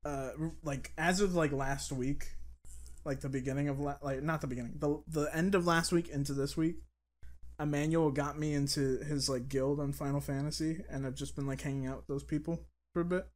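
A man's voice: fairly high pitch, fairly even intonation, fairly quick. A man co-hosting a casual podcast chat, rambling and crude with lots of fillers. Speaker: podcast co-host.

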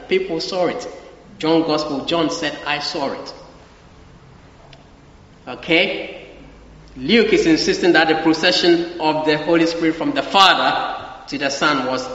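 A man's voice: on the high side, a bit bright. A man preaching a sermon with emphasis, repeating his key phrases and asking the congregation for agreement. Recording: echoey hall, dull lo-fi sound.

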